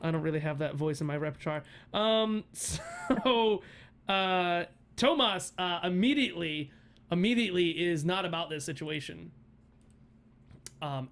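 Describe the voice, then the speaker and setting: A man's voice: a little high, fairly bright tone. A man narrating as game master of a tabletop game, laughing often and rambling through fillers.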